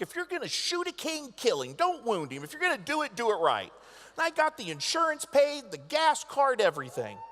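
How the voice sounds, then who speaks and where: A man giving a motivational convention speech, telling stories dramatically and swinging between loud and hushed delivery. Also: extremely high pitch. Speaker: motivational speaker. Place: large convention hall. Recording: echoey convention hall.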